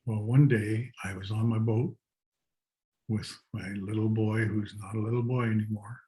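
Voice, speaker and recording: An older man telling stories slowly and reflectively on a video call, with soft laughs. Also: fairly low pitch, little pitch movement, low-quality recording. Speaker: guest artist and storyteller. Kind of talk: storytelling talk.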